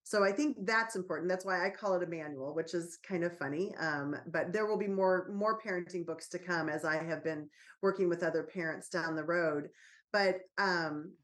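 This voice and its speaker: A woman's voice: on the low side, normal speed, fairly bright tone. A woman, a parenting author and guest on a podcast, talks in an earnest, reassuring way and tells stories from her own life as a mother. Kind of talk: casual podcast conversation.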